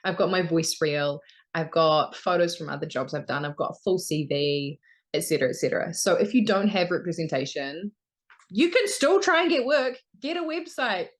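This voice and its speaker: A woman's voice: lowish voice, expressive, normal speed. A young woman from New Zealand, a voice actor, chatting casually in an interview and laughing often. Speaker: voice actor guest.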